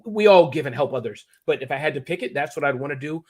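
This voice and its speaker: A man, a guest in an interview, talking in a rambling, animated and emotional way. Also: on the high side, quick pace. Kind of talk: casual interview chat.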